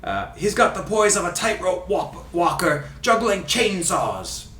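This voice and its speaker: A man's voice: high voice, sing-song, unhurried, pushed and bright, a little hiss or hum, voice pushed up, heavily acted. Do a gushing soccer commentator in a fake scottish accent, all theatrical swoops, as a man putting it on. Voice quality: exaggerated, theatrical delivery. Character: over-the-top male soccer commentator, flowery and gushing. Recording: echoey room, mic at a distance.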